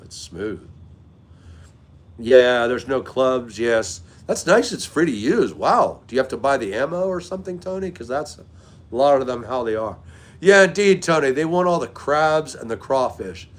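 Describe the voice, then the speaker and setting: Husky chatty livestream host, a man. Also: medium pitch. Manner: chatty, greets viewers by name, off-the-cuff. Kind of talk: casual chat with live viewers.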